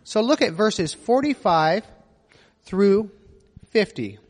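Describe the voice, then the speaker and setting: A man with a notably high voice delivers a sermon as a pastor. He teaches conversationally, tossing in asides and rhetorical questions. His words ring with the long reverb of a large church hall. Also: lively intonation, normal speed.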